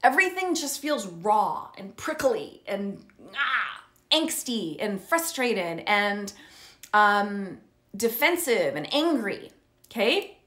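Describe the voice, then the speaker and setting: A woman's voice: medium pitch, big pitch swings, slow, a bit bright. A middle-aged woman coaching parents in an earnest teaching talk, often checking in with "okay?" and "right?". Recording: roomy echo.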